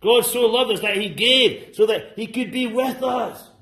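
At a church service, a man with a high, light voice delivers an unhurried sermon, calling out to listeners with fervent exclamations. He swings between loud bursts and hushed asides, with an echoey room around the sound.

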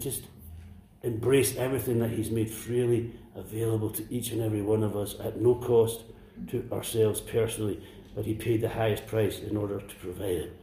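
Impassioned male preacher in an echoey hall. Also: on the low side. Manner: impassioned, rising to near-shouts and dropping to whispers. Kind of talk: sermon. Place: church.

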